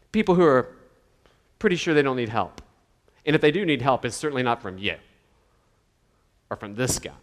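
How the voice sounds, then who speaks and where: A man's voice: mid-range voice, in a large hall. A man preaching a sermon in a conversational way, now and then acting out the voices of the people he quotes. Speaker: pastor.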